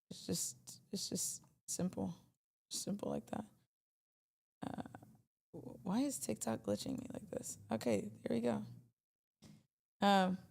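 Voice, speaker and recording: A woman with a mid-range voice and some vocal fry hosts a casual trading livestream. She's chatty and animated, speaking directly to her chat.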